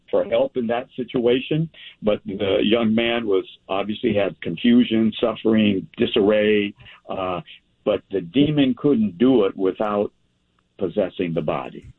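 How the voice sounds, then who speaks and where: Husky man teaching from scripture, phone-like sound. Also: lowish voice. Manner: unhurried, reads scripture aloud with verse citations, asks and answers his own questions. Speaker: pastor teaching a men's group. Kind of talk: Bible teaching.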